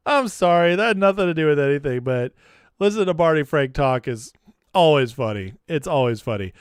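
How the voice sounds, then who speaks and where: A man's voice: on the high side, smooth, no room sound, clean studio sound. A man hosting a political commentary vlog, talking in a chatty, opinionated, offhand way. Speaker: host.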